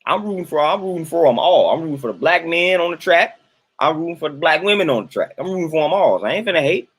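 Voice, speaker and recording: A man's voice: fairly high pitch, animated, quick pace, husky. A young adult man, casually talking to his livestream chat, colloquial and repeating himself for emphasis. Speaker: livestream host reading chat.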